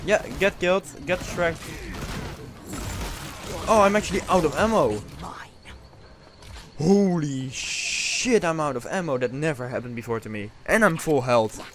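A young man giving excitable, profane commentary on his own gameplay, whooping when things go well. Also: fairly high pitch, normal speed. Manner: excitable, swearing, yelps and whoops at kills. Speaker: gaming video host.

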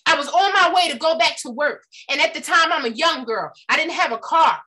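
A woman's voice: high voice, animated, a little fast, bright, forceful tone. A woman giving a motivational talk, emphatic and full of personal stories, often asking her audience questions. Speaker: motivational speaker.

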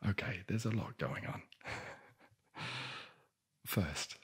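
A man's voice: deep voice, lively intonation, slow pace, long pauses, slightly rough. A man telling a bedtime fairy tale in a whispered ASMR style, with dry, sarcastic asides. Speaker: ASMR storyteller.

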